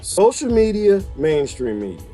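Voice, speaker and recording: A man's voice: fairly high pitch, unhurried, soft background music. A man delivering an exasperated comedic rant to camera, laughing often as he goes. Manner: animated, exasperated ranting with frequent laughter. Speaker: vlogger.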